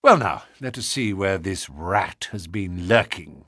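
Brief: a male reader voicing a composed, theatrical detective, precise and lively. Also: low-pitched, unhurried, husky, no echo, studio quality, pitched below the performer's own voice, heavily acted. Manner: calm, precise, faintly pompous.

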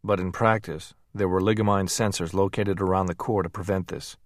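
Low-voiced man narrating an audiobook. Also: no echo, studio quality. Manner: steady, measured reading.

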